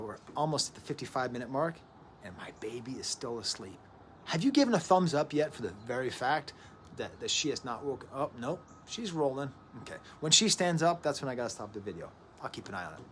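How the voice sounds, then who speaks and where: A man in his thirties, talking through an album at home in an animated, rambling way with joking asides. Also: medium pitch, slight background noise. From United States. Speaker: record reviewer. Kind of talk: casual music analysis to camera.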